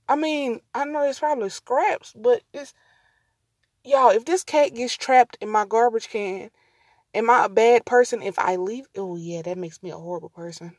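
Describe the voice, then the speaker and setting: A woman hosts a casual solo podcast, her voice sitting a bit high. She rambles and drifts off track easily, talking to listeners as y'all. The sound is close and dry, with no room echo. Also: moderate pace, darkish tone. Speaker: podcast host.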